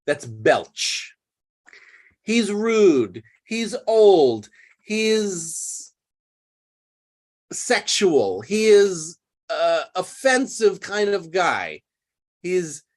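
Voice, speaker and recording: A man teaching English, retelling a play and explaining words in plain terms. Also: on the high side. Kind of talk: literature lesson retelling a play.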